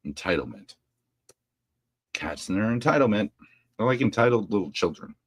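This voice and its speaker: A man hosts a casual livestream from home, ranting bluntly and cursing freely. His voice sits low but leaps up and down with a lot of swing. The sound is dry and close, with no room echo. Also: expressive, normal speed, slightly rough. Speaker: livestream host.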